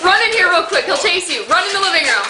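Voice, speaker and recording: A woman's voice: extremely high pitch, big pitch swings, fast talker. A woman filming a home video in a living room, gushing and giggling as she voices what the dog is thinking. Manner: gushing, giggly, narrates the dog's thoughts. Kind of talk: excited home-video chatter. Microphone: handheld camera or phone. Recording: echoey room with noisy home-video sound.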